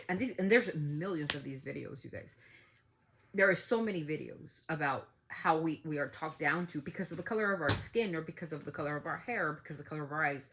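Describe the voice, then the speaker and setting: A woman's voice: sits low, a bit bright, slight background noise. A woman hosting a family podcast, talking in a heated, outspoken way and swearing freely. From United States. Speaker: podcast host. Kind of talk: casual opinion talk.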